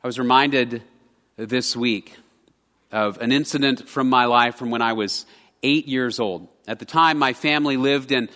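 A man's voice: mid-range voice, unhurried, sharp tone. A man preaching a sermon as pastor, telling a personal story in an earnest, conversational way. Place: church sanctuary. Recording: church hall with long reverb.

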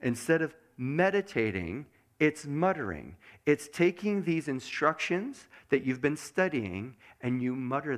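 A man preaching a sermon as pastor, asking the congregation many questions and dropping to a soft mutter to show meditation. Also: fairly high pitch, unhurried, hardly any pauses. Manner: animated, asks the congregation lots of questions; drops to a soft mutter when showing meditation.

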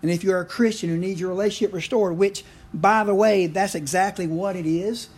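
A man's voice: sits high, fairly even intonation, brisk, a little mellow, slightly rough. A middle-aged man, preaching a conversational sermon full of asides and questions to the congregation. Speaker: pastor.

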